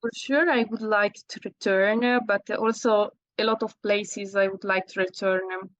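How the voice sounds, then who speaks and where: A woman from Italy speaking English with an Italian accent, a guest in an interview, talking in halting phrases with fillers and self-corrections. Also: mid-range voice, fairly even intonation, a bit bright, no echo, poor audio. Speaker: guest landscape photographer. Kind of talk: casual interview.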